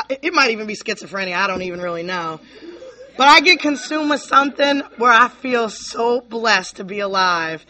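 A woman's voice: mid-range voice, bright, forceful tone. A woman from Virginia giving a candid, rambling personal recovery share to a convention audience, full of "you know, like" and drifting between laughter and near tears. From Virginia, USA.

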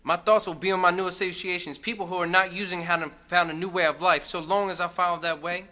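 A man's voice: high-pitched, flat delivery, fast talker, sharp tone. A man giving a casual, personal share at a recovery meeting, swearing now and then and padding his talk with "like" and "you know.". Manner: casual, profane, full of fillers. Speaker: speaker sharing at a recovery meeting.

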